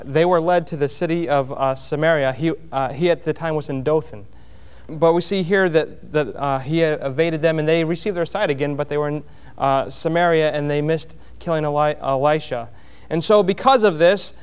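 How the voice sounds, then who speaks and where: A man preaching a sermon, explaining a Bible passage verse by verse in a plainspoken way, with frequent pauses and restarts. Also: fairly high pitch, clean tone. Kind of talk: sermon, expository Bible teaching.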